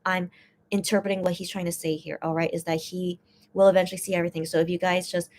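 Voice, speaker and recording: Hosting a fan channel's casual live stream, a fast-talking woman with a low, level, slightly mellow voice translates and explains posts over slight background noise. She rambles, full of fillers and restarts, and turns teary and emotional as she reads.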